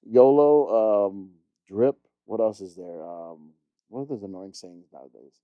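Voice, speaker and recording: A man's voice: fairly low pitch, expressive, unhurried, smooth, no echo, dull audio. A middle-aged man co-hosting a casual podcast chat, ranting bluntly with lots of swearing. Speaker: podcast co-host.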